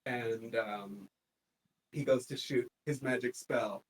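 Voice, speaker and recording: A game master narrating a tabletop game, telling the story in a lively way and laughing often. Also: medium pitch, slow. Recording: distant mic, faint noise.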